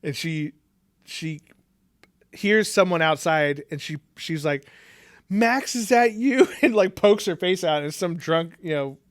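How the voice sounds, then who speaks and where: A man's voice: fairly high pitch, no room sound, clean studio sound. A man co-hosting a podcast, chatting casually, swearing and joking as he acts out quotes. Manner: swearing, jokey, quick to act out quotes. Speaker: podcast co-host. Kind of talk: casual chat.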